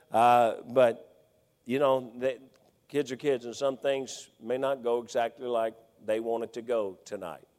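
A middle-aged man preaching a folksy sermon, swinging between loud exhortation and hushed storytelling. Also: medium pitch, fairly even intonation, unhurried. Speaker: pastor. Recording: long hall reverb.

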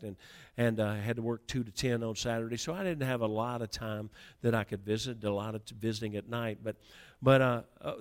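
In his sermon, a middle-aged man of medium pitch tells a story from his own life. He begins softly and grows fervent, stumbling and restarting many times along the way.

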